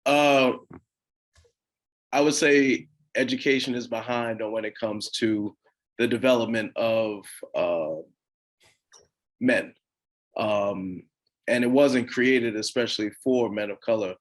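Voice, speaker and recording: A man in a middle register answers a question on a panel as a professor. He speaks in a measured, thoughtful way, pausing often with soft fillers between his thoughts. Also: mid-range voice. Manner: measured, with frequent "uh" and "um" pauses.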